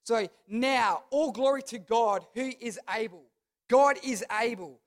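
A man's voice: extremely high pitch, unhurried. A man preaching a youth sermon, emphatic, repeating his phrases and asking the crowd to respond. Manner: talks to the crowd, asks them to repeat. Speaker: youth pastor.

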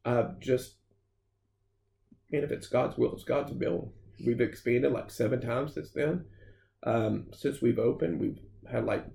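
Gravelly-voiced man telling his story. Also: mid-range voice, a little slow, pauses often. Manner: earnest, lively storyteller who acts out what people said. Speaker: gym founder, podcast guest. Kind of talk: personal storytelling in a conversation.

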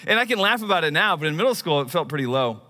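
With a slightly high, sing-song voice and a sharp tone, this man in his thirties races through his sermon. As a pastor, he tells a personal anecdote conversationally, poking fun at himself.

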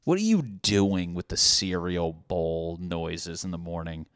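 Rambling profane man, low voice. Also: lively intonation, measured pace, fairly bright tone, clear, resonant tone, no room sound, clean studio sound. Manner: rambling, profane, laughing asides. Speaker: podcast host. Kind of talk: comedic solo monologue.

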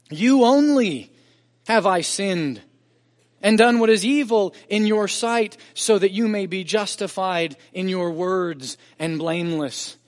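A man preaching a sermon as pastor, earnest and emphatic, pressing harder on key points. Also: a little high. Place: church sanctuary. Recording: long church reverb.

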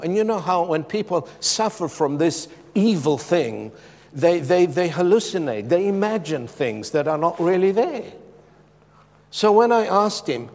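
A middle-aged man from Zimbabwe delivers an impassioned sermon, his fairly high voice swinging between forceful, emphatic peaks and quiet, intimate passages. His words ring out with a long reverb, as in a large hall. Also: animated, measured pace. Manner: impassioned, swinging from loud emphatic lines to hushed, soft ones. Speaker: preacher.

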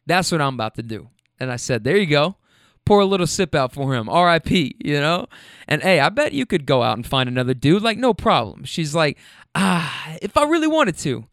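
A man telling a casual anecdote, animated and acting out the people he quotes. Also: fairly high pitch, no echo, studio quality. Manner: animated, quoting others in shifting voices. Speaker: storyteller.

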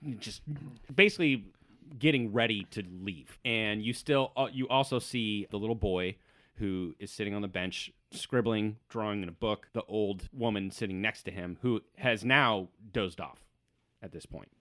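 Relaxed man narrating a tabletop game. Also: lowish voice, moderate pace, no room sound. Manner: descriptive, relaxed, occasional fillers. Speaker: game master.

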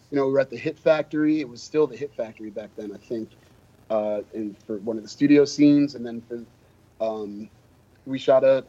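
A man's voice: medium pitch, mellow. A man, a podcast guest, casually telling self-deprecating anecdotes about his time as a drummer. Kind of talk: casual storytelling. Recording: dull, lo-fi podcast audio.

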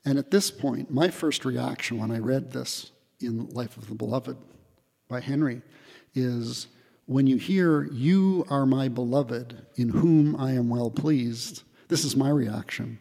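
A man giving a spiritual retreat talk in a hall, reflective and gently humorous, pausing often with fillers. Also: medium pitch, creaky, husky. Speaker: retreat speaker.

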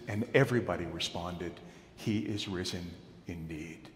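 A man's voice: low voice, moderate pace. Man preaching in a reverberant church. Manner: dramatic storytelling, building to loud proclamations. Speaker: pastor. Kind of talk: sermon. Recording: echoey hall.

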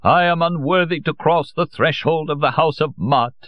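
A man's voice: fairly high pitch, moderate pace, no room sound, muffled recording, voice pushed up, lightly acted. A man voicing an ecstatic man who declaims in a rapturous, theatrical way.

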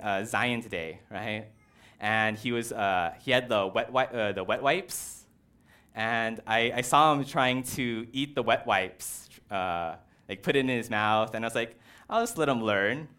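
A man preaching a conversational sermon in a casual, animated way, with personal stories. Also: mid-range voice, a little slow, clear, resonant tone. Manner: casual, animated, uses "like" and "right".

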